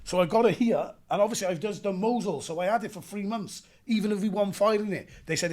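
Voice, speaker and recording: A young adult Welsh man, an actor telling animated stories in a casual interview and acting out gunfire with sound effects. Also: sits high, quick pace, few pauses. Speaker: actor guest.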